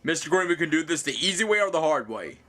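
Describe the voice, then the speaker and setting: A man speaking as a bill collector on a phone call, calm and formal in tone. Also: fairly high pitch, fast, a crowd in the background.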